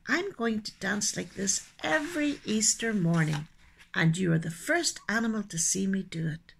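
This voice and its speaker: A woman voicing the sun as a gentle spirit that speaks in a small, soft voice in a children's story. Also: mid-range voice, expressive, gravelly, a little hiss or hum. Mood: solemn. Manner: small soft voice, then grand and slow.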